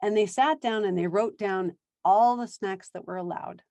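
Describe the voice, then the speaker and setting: A woman's voice: medium pitch, moderate pace, a little mellow, no room sound. A woman talking as a parenting coach in an earnest, conversational podcast style, laughing now and then. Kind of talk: podcast talk.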